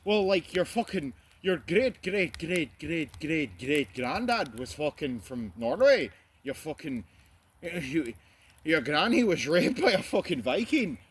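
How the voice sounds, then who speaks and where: A Scottish man in a casual chat, ranting in an animated, sweary and mocking way. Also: on the high side, takes it slowly, husky. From Scotland.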